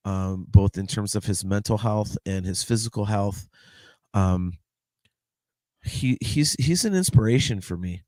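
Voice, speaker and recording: A man in his fifties with a lowish voice, recorded dry and close on a host mic. He talks in a halting, emotional way, stumbling over and repeating his words, with a casual swear now and then. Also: warm tone, dry recording. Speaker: podcast host. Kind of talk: heartfelt birthday tribute.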